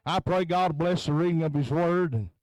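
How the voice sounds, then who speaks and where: A man's voice: fairly high pitch, normal speed, darkish tone, no echo, low-quality recording. A man preaching at a tent revival into a handheld microphone, punctuating his phrases with a chanted "huh?" as he builds intensity. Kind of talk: revival sermon.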